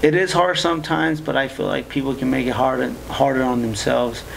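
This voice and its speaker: A man's voice: medium pitch, flat delivery, a little fast, gravelly, noisy background. A man talking as a podcast guest in casual chat, easygoing and laughing often.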